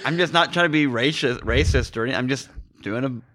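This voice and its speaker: A man's voice: medium pitch, fast, sharp tone, no room sound, studio quality. A man hosting a podcast, recapping a movie in casual chat, rambling and joking. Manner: rambling, joking, lots of fillers. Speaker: podcast host.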